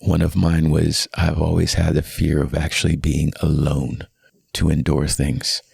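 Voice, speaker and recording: A pastor in his thirties speaks with an exceptionally deep voice that has a heavy fry. The tone is husky and rough around the edges. He tells his story earnestly and from the heart, on a podcast mic. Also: monotone, unhurried, a little mellow, dry recording, clean studio sound. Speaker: guest pastor. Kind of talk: candid personal testimony.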